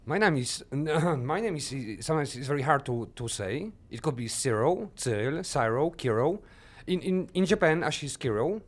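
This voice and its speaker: A man's voice: a little high, expressive, moderate pace, few pauses. A man from Bulgaria, a filmmaker guest on a radio talk show, speaking hesitantly with many restarts. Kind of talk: radio interview. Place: radio studio.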